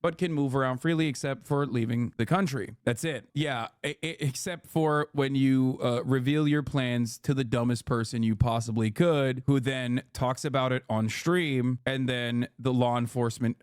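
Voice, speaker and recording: A man co-hosting a live stream, chatting sarcastically and reading news articles aloud quickly. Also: medium pitch, fairly even intonation, clean tone, no echo, studio quality. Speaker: streamer co-host.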